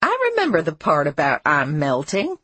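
A woman narrator voicing a placid, motherly older housewife who speaks calmly and gently. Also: low voice, normal speed, breathy edge, no room sound, full character voice. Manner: calm, gentle.

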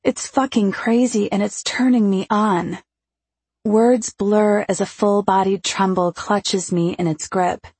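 A woman narrating a first-person audiobook in a hushed, intimate, lingering way. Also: medium pitch, steady tone, slow, breathy edge, no echo.

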